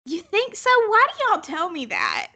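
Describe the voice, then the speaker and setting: A woman's voice: extremely high pitch, wildly swooping pitch, measured pace, gravelly, pushed and bright. A woman with a Southern US accent, co-hosting a podcast in easygoing, giggly casual chat. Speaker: podcast co-host.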